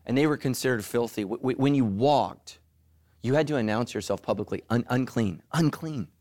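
Animated preaching man, dry sound. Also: brisk, no echo. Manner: animated, jumps into high mocking voices for asides. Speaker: pastor. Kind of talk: sermon.

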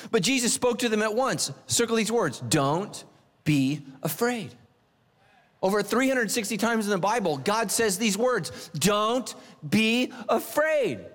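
A middle-aged man preaching a sermon in a church, animated and joking, swinging his pitch up and down for emphasis. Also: unhurried, long reverb tail. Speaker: pastor. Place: church sanctuary.

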